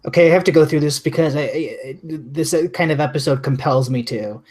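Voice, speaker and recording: A man's voice: on the high side, a little fast, darkish tone. A man co-hosting a podcast, eager and tripping over his words in casual chat. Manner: eager, stumbling restarts. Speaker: podcast co-host.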